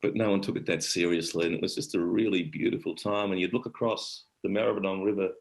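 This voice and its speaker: A man's voice: deep voice, fairly even intonation, fast, vocal fry, low-quality recording. A middle-aged Australian man telling stories in a rambling, casual way, often breaking off mid-sentence. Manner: rambling, warm-hearted, broken-off sentences. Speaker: guest actor and storyteller. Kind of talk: casual conversational storytelling.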